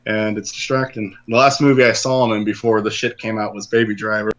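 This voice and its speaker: A man's voice: on the low side, little pitch movement, a little fast. A man co-hosting a podcast, talking casually about films and rambling with lots of fillers and restarts. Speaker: podcast co-host. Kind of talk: casual movie discussion.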